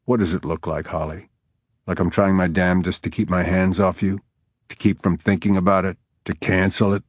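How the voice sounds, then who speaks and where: A male audiobook narrator voicing a surly, guarded widowed lawman in a curt, gruff way. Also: low voice, level tone, moderate pace, no echo, clean studio sound. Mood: irritated.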